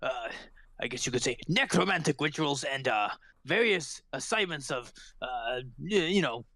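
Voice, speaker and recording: A man voicing a pompous, cigar-smoking male gnome detective who speaks in a fussy, halting way. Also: mid-range voice, animated, bright, forceful tone, no room sound. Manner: fussy, halting, self-important.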